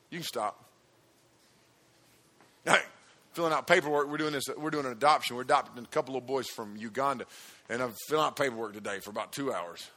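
High, bright-voiced energetic male preacher. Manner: energetic, emphatic, talks directly to the audience. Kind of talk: sermon.

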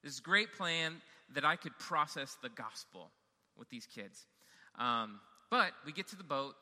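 A young man telling a self-deprecating story in a lively way, with many fillers and restarts. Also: fairly high pitch, measured pace, in a large hall. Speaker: camp counselor telling a story. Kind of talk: storytelling talk.

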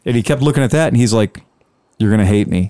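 A man recounts a sales deal in a relaxed, chatty way. He slips into the voices of the people in the story as he tells it. His voice sits at a middle pitch, recorded dry and close with no room sound. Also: fast, no room sound. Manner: animated, acts out both sides of conversations. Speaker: scooter dealer telling a story. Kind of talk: casual storytelling on a podcast.

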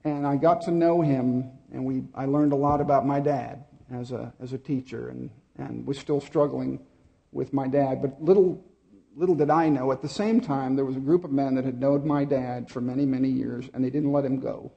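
A middle-aged man preaching a sermon, telling a personal story with pauses and repeated words. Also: mid-range voice, steady tone, vocal fry, warm tone, highs cut off. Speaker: pastor.

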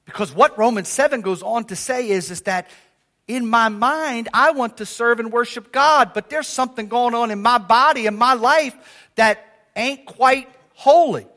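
Older male pastor, high-pitched, conversational sermon with call-and-response. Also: moderate pace. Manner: lively, conversational preaching with audience call-outs.

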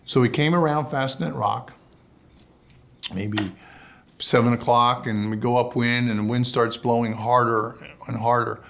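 A man telling sailing stories as a guest in an interview, in a relaxed anecdotal way. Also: medium pitch, a little slow, gravelly. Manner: relaxed anecdotal storytelling, acts out quotes. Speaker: guest, sailor and sailing commentator. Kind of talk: storytelling in a podcast interview.

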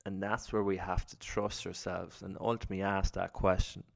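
A man's voice: low voice, level tone, normal speed, gravelly. A man giving an earnest, reflective personal talk about self-belief, telling his story with acted-out inner thoughts. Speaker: self-development speaker.

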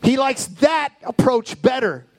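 A male pastor preaching a sermon with passion, building up and then dropping into soft, low asides. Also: animated, measured pace, no echo. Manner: impassioned preaching with sudden soft, low drops.

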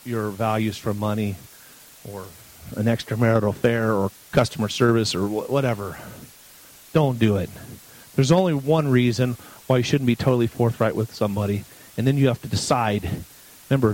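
A man's voice: fairly low pitch, a little mellow, rough recording. A man in his forties giving a sermon as a guest preacher, telling a personal story in a candid, conversational way. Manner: candid, conversational, restarts when emotional.

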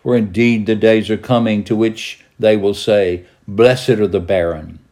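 A man's voice: fairly even intonation, measured pace, a little mellow. A man reading a passion narrative aloud as a preacher, with added commentary, raising his voice for the crowd's cries. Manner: dramatic, raises pitch and volume for quoted voices.

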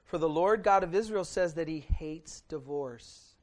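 A middle-aged male pastor with a high voice preaches a sermon in a conversational, back-and-forth way. He turns to his listeners often, then drops into quiet intensity before rising again to loud emphasis. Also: a little slow. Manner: conversational preaching, asks the congregation "right?" often. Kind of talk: midweek sermon with Bible reading.

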